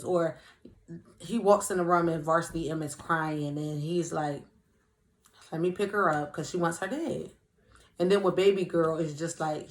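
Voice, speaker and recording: Chatty young woman vlogger. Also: on the low side. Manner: chatty, playful, sings her jingle. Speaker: vlogger, show host. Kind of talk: casual chat to camera.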